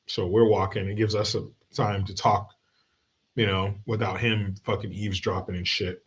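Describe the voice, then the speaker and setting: A man's voice: fairly low pitch, flat delivery, moderate pace. A man hosting his own livestream in casual chat, telling family stories with lots of swearing and frequent laughter. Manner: profane, joking storyteller. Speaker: streamer and show host.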